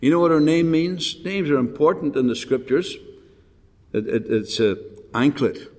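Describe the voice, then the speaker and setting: A man's voice: a little high, moderate pace, a little mellow. An older man preaching a folksy, rambling sermon with rhetorical questions and frequent restarts. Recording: long hall reverb.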